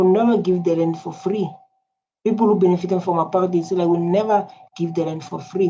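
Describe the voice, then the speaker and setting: A woman's voice: lowish voice, warm tone. A South African woman giving emphatic, repetitive political reaction commentary with many fillers. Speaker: reaction video host. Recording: dull lo-fi with faint noise.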